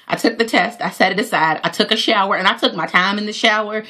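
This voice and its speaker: A woman's voice: mid-range voice, a little fast, bright, forceful tone, husky. A woman, telling a heartfelt personal story to her viewers with many fillers and praise for God. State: near tears. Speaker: vlogger.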